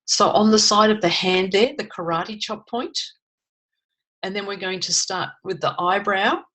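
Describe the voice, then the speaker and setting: A woman coaching a webinar, calmly guiding listeners through tapping points and slowly saying short phrases for them to repeat. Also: medium pitch, poor audio.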